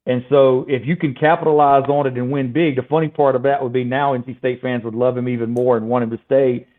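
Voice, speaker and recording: A man's voice: mid-range voice, steady tone, fast. Man talking sports over a tinny line. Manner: conversational, hedging with fillers. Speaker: guest sports writer. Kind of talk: casual sports podcast chat.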